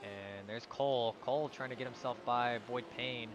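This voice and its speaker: A man's voice: mid-range voice, fairly even intonation, moderate pace, highs cut off, noisy background. A man giving live commentary on an online sim race, calling out positions and sometimes stumbling over drivers' names.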